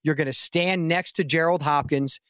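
Speaking at normal speed in a fairly high-pitched voice, a man, a guest actor, tells a long story during a casual podcast interview. He performs quoted lines animatedly in a lifted voice, and the studio-quality recording has no room sound.

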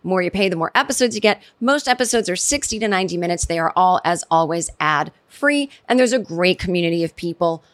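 A woman's voice: fairly low pitch, fairly quick, few pauses. A middle-aged American woman hosting her own podcast, rambling and sarcastic in casual solo commentary. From United States. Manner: rambling, animated, sarcastic asides. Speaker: podcast host.

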